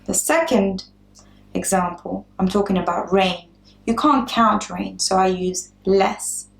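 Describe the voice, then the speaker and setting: A woman's voice: medium pitch, slow, gravelly, echoey room. A woman teaching an English lesson, patiently repeating words and giving simple examples. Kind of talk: slow, clear English lesson.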